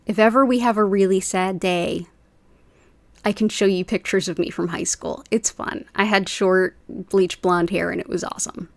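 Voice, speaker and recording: A woman's voice: medium pitch, fairly even intonation, moderate pace, creaky, dry recording. A woman in her forties hosting a livestream, chatting casually and rambling with viewers. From United States. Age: 40s. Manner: chatty, rambling, says "like" often. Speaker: Reiki livestream host. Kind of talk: casual chat with live viewers.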